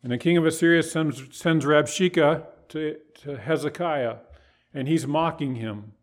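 A man's voice: on the high side, unhurried. A man preaching a sermon, pressing his points with rhetorical questions and voiced asides. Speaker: pastor.

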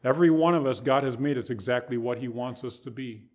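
Male pastor, mid-pitched, emphatic preaching style. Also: quick pace. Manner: emphatic preaching with rhetorical questions. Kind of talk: sermon.

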